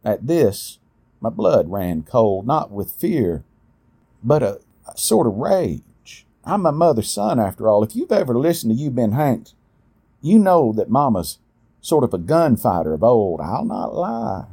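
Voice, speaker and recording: A middle-aged man telling a personal story in a folksy, unhurried way. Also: mid-range voice, sing-song, warm tone, husky. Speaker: storyteller, podcast host. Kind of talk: storytelling narration.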